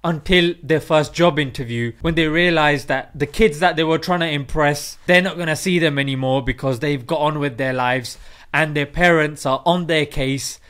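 A man with a noticeably high speaking voice hosts his own channel. He rants in a playful, slangy way, mixing jokes into his commentary. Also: normal speed, fairly bright tone. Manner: playful, chatty, slangy delivery. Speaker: Islamic video host. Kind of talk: comic ranting commentary.

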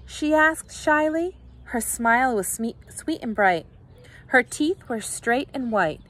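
A woman, a teacher, reading a children's picture book aloud with expressive, animated storytelling. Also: fairly high pitch, takes it slowly.

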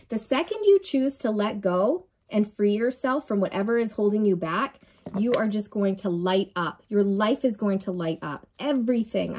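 A woman's voice: medium pitch, darkish tone, slight background noise. A woman giving a channeled tarot reading, emphatic and encouraging, often repeating phrases and checking in with "okay?" and "right?". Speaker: tarot reader.

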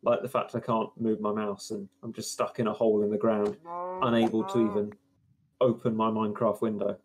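A man's voice: fairly low pitch, little pitch movement, brisk, noisy background. A man chatting during a game, wry and rambling, spinning mock-profound musings. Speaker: gaming partner. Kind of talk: casual gameplay chat.

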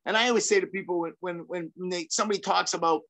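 Energetic, rambling middle-aged man. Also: sits high, racing. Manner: energetic and rambling, with many restarts, fillers and casual swearing. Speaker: guest, former fighter and self-defense trainer. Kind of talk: casual interview conversation.

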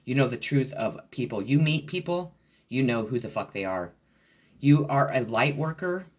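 A man's voice: mid-range voice, lively intonation, moderate pace. A man giving a casual tarot reading to camera at home, talking bluntly and swearing freely to the viewer. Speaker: tarot reader.

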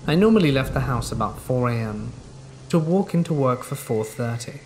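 A man reading scary stories aloud in a measured, steady scripted narration. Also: mid-range voice, a little hiss or hum, low-quality recording. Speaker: horror story narrator. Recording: rain sounds under the narration. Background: rain.

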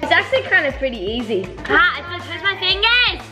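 A young woman chatting casually on a family vlog, excitable and giggly, squealing at times. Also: very high voice, brisk. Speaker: family vlogger. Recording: echoey room with loud music behind.

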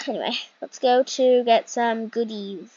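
A woman's voice: a little high, expressive, slow, a little mellow, no room sound. A young woman casually commentating a role-play game in a chatty, rambling way, often correcting herself. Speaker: gaming channel host. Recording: dull lo-fi mic.

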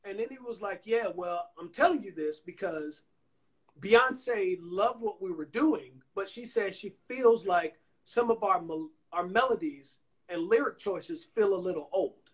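A man's voice: high-pitched, unhurried. A man from Alabama, a songwriter and producer, telling stories in a casual interview over a phone livestream and acting out the voices of the people he quotes. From Anniston, Alabama, US. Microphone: Instagram Live phone call.

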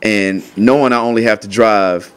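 A man's voice: on the low side, fairly even intonation, moderate pace, clear, resonant tone. A man with a North Carolina accent, a comedian guest talking easygoingly in casual chat.

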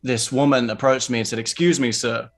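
Halting male podcast guest. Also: medium pitch, fairly even intonation. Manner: halting, many fillers and restarts. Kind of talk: casual chat, storytelling.

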